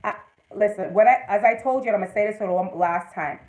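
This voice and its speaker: A woman's voice: medium pitch, fast, darkish tone, poor audio. A woman hosting a casual livestream, giving motivational advice and greeting viewers by name. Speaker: livestream host.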